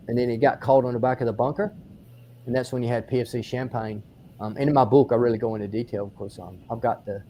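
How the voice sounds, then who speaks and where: A man with an Australian accent, a military historian giving an on-site battlefield explanation, telling the story in animated detail with frequent restarts. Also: mid-range voice, a little hiss or hum. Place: outdoors on a battlefield.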